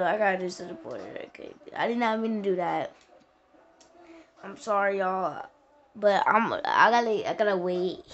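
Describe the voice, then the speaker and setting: Woman, casual game walkthrough, rambling slangy delivery, muffled lo-fi audio. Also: on the low side. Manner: rambling, slangy, with many restarts. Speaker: gaming tutorial host. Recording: dull lo-fi sound with faint noise.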